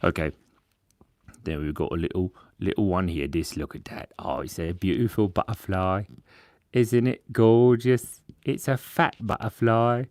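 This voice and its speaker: A man's voice: low-pitched, unhurried, darkish tone, no room sound, studio quality. A cheerful, chatty man hosting a live drawing stream, constantly thanking viewers, on a clip-on mic. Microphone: clip-on lapel mic.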